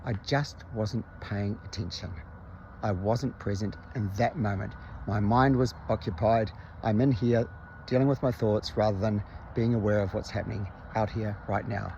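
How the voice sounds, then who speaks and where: A man's voice: fairly low pitch, steady tone, moderate pace, warm tone, dull audio, a little hiss or hum. Candid man telling a reflective story. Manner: candid, conversational, self-reflective. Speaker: vlogger.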